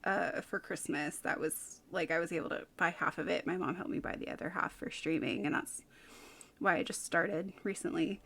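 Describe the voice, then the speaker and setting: A woman's voice: fairly low pitch, fairly even intonation, normal speed, vocal fry, a bit bright. A woman in her thirties from California with a light Californian accent, chatting casually as a streamer, rambling and giggling between fillers. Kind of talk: casual chat.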